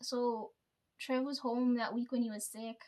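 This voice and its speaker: A woman's voice: a little high, flat delivery, measured pace, dark tone. A young woman with a sore throat, telling a story in a casual vlog at home, swearing freely and laughing often. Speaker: vlogger. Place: at home, sitting before camera.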